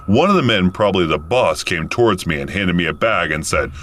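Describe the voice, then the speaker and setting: A man in his thirties narrating a first-person story in a casual, animated way. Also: deep voice, fairly quick, few pauses, a little hiss or hum. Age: 30s.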